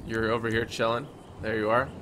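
A man hosting a live gameplay stream, energetic and excitable, often repeating his phrases. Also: fairly low pitch, fairly quick, background noise. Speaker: gaming channel host.

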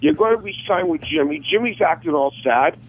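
Male caller, angry phone rant, higher voice, squeezed phone-line sound. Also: lively intonation, a little fast, slightly rough, no room sound. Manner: heated, profane, confrontational.

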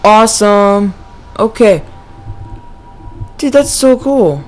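A young man giving excitable let's play commentary on a horror game, yelping and shouting when startled. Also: sits high, measured pace, pauses often, soft background music. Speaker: gaming YouTuber.

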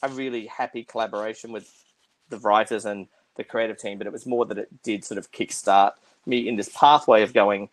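A middle-aged Australian theatre producer talking quickly over a video call, full of restarts and repeated words. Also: male voice, fairly low pitch, steady tone, no echo. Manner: fast-talking with frequent restarts. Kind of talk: conversational interview.

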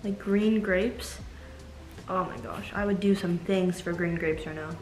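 A young woman chatting casually to camera as a vlogger. She is excitable, says "like" a lot and swears casually. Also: on the low side, a little slow. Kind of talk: casual vlog chat to camera. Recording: roomy echo with faint music behind.

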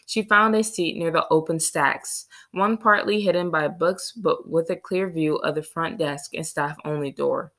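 A woman narrating a children's novel in a steady storytelling read. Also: sits low, a little slow, hardly any pauses. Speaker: audiobook reader. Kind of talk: scripted narration.

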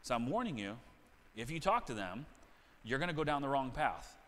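A man's voice: medium pitch, very animated, a little fast, a bit bright, big-room sound. A middle-aged man preaching a sermon as pastor, talking in a conversational way that repeats and restarts phrases. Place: church sanctuary.

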